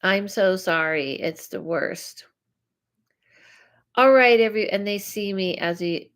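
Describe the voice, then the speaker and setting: A woman's voice: lowish voice, fairly even intonation, a little slow. A woman psychic host giving live readings, chatty and reacting to viewer comments aloud. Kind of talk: live-stream reading chat.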